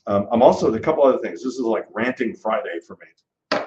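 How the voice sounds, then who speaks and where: A man, a real estate broker, giving an emphatic, animated rant to camera and acting out his clients' thoughts. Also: fairly low pitch, brisk, roomy sound, muffled recording, background noise. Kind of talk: casual ranting monologue to camera.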